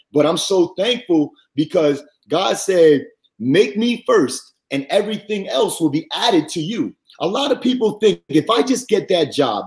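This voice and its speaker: A man guest on a podcast, earnestly telling a faith-centered personal testimony, animated and rising high when he quotes others.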